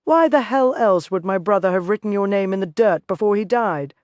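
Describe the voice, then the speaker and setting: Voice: medium pitch, expressive, moderate pace, darkish tone, no room sound, clean studio sound, close to an everyday voice. Narrator voicing snarling vengeful Duncan. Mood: accusing. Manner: snarling, accusing. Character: vengeful grieving man, brawling saloon enemy. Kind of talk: audiobook character voice.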